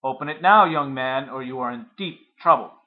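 A man reading aloud, voicing a stern, domineering father who scolds and commands loudly. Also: mid-range voice, animated, moderate pace, narrow, tinny audio, close to an everyday voice. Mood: angry.

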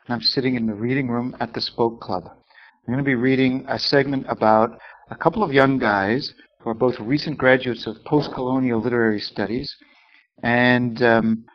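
A man's voice: mid-range voice, fairly even intonation, normal speed, highs cut off. Man reading his own novel aloud. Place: reading room of a club.

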